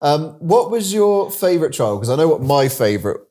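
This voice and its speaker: A man hosting an interview, chatty and encouraging and quick to laugh. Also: on the high side, sing-song, dark tone. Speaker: interviewer host. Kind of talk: conversational interview.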